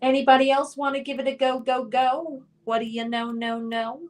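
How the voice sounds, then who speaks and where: A woman's voice: high voice, steady tone, moderate pace. A young woman hosting a trivia quiz on a live stream, chatting casually and reading out viewers' names and answers in a playful, sing-song way. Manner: chatty, reads chat names aloud, sing-song at times.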